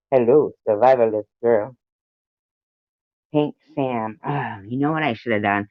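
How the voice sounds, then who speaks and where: A man's voice: mid-range voice, unhurried, long pauses, dry recording. A man hosting a livestream, chatting casually and playfully with his viewers, greeting them one by one. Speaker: livestream host. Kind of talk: casual chat with live viewers. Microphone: phone. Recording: dull lo-fi audio.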